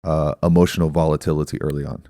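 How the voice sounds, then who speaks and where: Podcast host, male, thirties, deep-pitched, reflective explainer, dry close sound. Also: flat delivery, quick pace, dark tone, dry recording. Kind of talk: casual podcast conversation.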